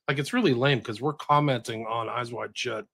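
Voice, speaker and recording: Relaxed male podcast host. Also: medium pitch, moderate pace, vocal fry. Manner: relaxed, chatty, gives plain directions to listeners. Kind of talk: casual podcast chat.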